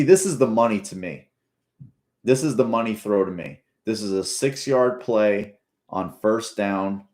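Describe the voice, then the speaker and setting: Here a sports fan with a darkish, low-leaning voice talks casually over a football game he's rewatching. His commentary is profane and rambling, full of restarts.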